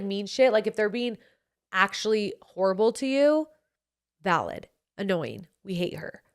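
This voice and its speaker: A woman in her late twenties with a Utah accent, hosting a podcast and giving blunt, sassy advice, swearing freely. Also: medium pitch. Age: 20s. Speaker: podcast host. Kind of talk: casual advice chat.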